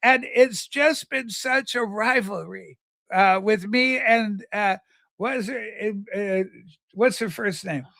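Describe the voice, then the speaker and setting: A male livestream host speaks slowly in a high-pitched, sharp-toned voice with vocal fry, recorded clean in a studio with no room sound. In a campy, rambling casual chat, he tells stories through a flamboyant persona.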